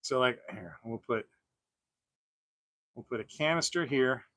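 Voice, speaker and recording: The man running this easygoing toy-collecting livestream talks through his unboxing in a rambling way, with many fillers and restarts and lots of laughing. His medium-pitched voice is unhurried and a bit bright, with no echo.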